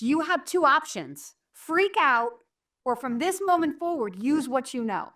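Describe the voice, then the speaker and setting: A woman's voice: high voice, fairly bright tone. A middle-aged woman from New England telling a story casually and animatedly, acting out the people she quotes and using many fillers. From southern New Hampshire. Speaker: manifestation coach.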